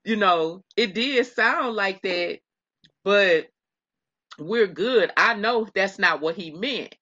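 A woman's voice: mid-range voice, animated, takes it slowly, sharp tone, dry recording, muffled recording. A woman co-hosting a casual gossip chat, rambling and laughing often with many restarts. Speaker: podcast co-host.

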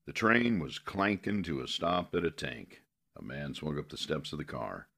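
A man narrating a western novel in a steady, measured way. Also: very deep voice, vocal fry.

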